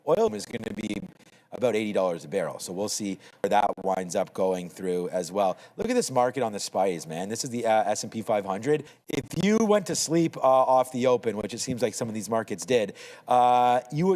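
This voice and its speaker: A man's voice: lowish voice, darkish tone, big-room sound, poor audio. Rambling man, casual market talk. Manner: casual, rambling, thinks aloud with fillers. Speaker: trading show host. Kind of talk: live market commentary chat.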